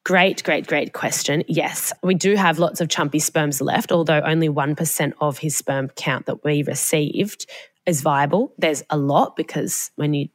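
A woman's voice: low-pitched, unhurried. A young Australian woman co-hosting a podcast, telling a personal story in a casual, chatty way and swearing freely. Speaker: podcast co-host. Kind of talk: casual chat. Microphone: podcast mic, remote call.

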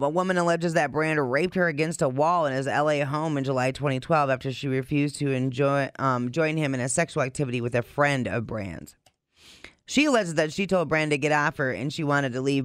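A man with a smooth, clear voice sits close to a dry mic, reading news reports aloud. He breaks in with short, blunt comments of his own in a casual chat. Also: medium pitch, fairly quick, a bit bright, no room sound. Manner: reads reports then adds blunt asides. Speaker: podcast co-host.

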